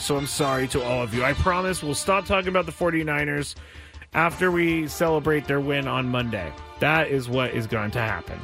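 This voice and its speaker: A man hosting a sports talk show, chatting casually and rambling with frequent restarts and sudden jumps in pitch. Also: expressive, a little fast, creaky, a bit bright, faint music behind. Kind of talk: casual chat.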